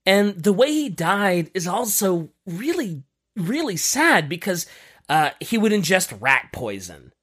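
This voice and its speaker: A man hosting a casual podcast, telling a history story with lively emphasis and frequent fillers. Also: high voice, unhurried, husky. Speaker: podcast host.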